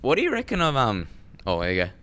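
A man's voice: mid-range voice, wildly swooping pitch, very fast, a bit bright. Laid-back, swearing podcast guest man. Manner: swears a lot, laughs, rambling. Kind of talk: casual podcast chat. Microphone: studio mic with headphones.

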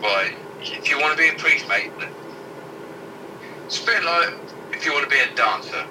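A man's voice: on the high side, expressive, moderate pace. Man reading headlines, far from mic. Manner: irreverent, sweary, stumbles while reading aloud. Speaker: co-host reading out news headlines. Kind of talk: casual banter. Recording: distant mic with loud background noise.

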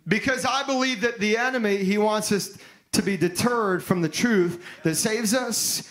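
A pastor preaching an emphatic sermon, building to fervent exclamations. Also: male voice, sits high, moderate pace, a bit bright, low-quality recording.

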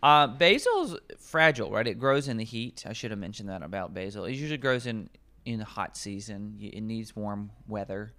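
A man's voice: on the low side, lively intonation, moderate pace, few pauses, sharp tone. A man, a nutrition coach, explaining herbs in casual podcast conversation, rambling and correcting himself as he goes.

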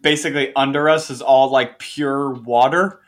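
A man's voice: medium pitch, steady tone, normal speed. A young American man from Florida co-hosting a casual podcast chat from his garage, joking and swearing freely. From Florida, United States. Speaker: podcast co-host.

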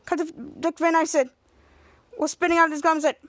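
A woman podcast host recaps a TV episode in casual chat. Her voice is very high, and she stumbles, repeats and restarts words as she goes. The sound is dry and close, with no room around it. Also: little pitch movement, fairly quick, no room sound.

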